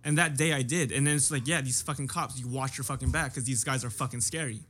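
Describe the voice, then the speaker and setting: A man's voice: mid-range voice, fast, a bit bright, husky. A man in casual chat, recalling an experience in a loose, rambling way with many fillers.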